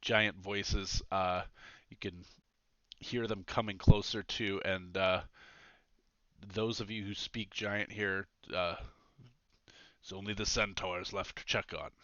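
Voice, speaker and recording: Male game master, chatty and halting, bright tone, dry slightly dull recording. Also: low-pitched, fairly even intonation, dry recording. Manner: laughing often, hesitant with many fillers. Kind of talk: narrating a tabletop game.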